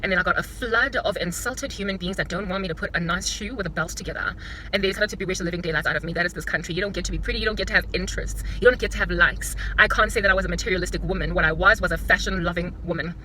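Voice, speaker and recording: A South African woman vlogging from inside a parked car into her phone camera, talking in an animated, dramatic and joking way. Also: fairly low pitch, very fast, a little hiss or hum, rough recording. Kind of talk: casual talking-head vlog.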